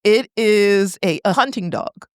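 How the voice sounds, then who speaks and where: A woman from Detroit, a podcast guest, telling a family story in an animated, chatty way with frequent laughs. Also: medium pitch, a little slow, no room sound, clean studio sound. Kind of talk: conversational storytelling. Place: podcast studio.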